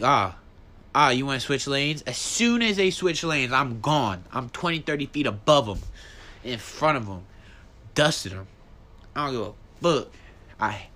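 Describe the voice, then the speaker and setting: A man hosting his own podcast, ranting in a casual, profane, animated way, his voice jumping high when he gets worked up. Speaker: podcast host. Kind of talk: solo casual podcast rant.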